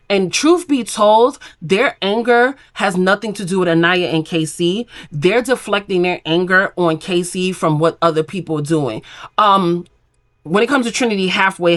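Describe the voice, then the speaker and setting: A woman's voice: medium pitch, a bit bright. A woman hosting a reality TV recap, retelling scenes in a casual, opinionated way and acting out the quoted lines.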